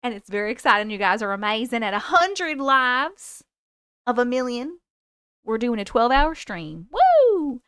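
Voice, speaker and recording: A woman's voice: on the high side, animated, normal speed, bright, forceful tone, clear, resonant tone, no echo, studio quality. A woman in her forties hosting a livestream, chatting with viewers and reading their stories aloud in a bubbly, casual way. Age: 40s.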